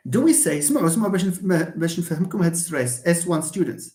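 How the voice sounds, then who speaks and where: A man with a Moroccan accent, a native Moroccan Arabic speaker, teaching an animated live English lesson and acting out his examples. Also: sits high, fast, pauses often. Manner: animated, mixes English and Arabic, acts out stress examples with a laugh. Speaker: English lecturer. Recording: roomy echo.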